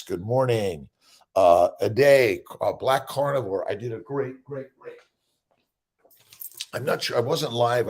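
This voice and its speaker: An older man chats through a morning livestream in a low, gravelly voice with a husky edge. He rambles cheerfully, tosses in fillers, and keeps checking in with "right?". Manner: rambling, upbeat, reads viewer names with many "uh"s and "right?". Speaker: livestream host. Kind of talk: casual morning livestream chat.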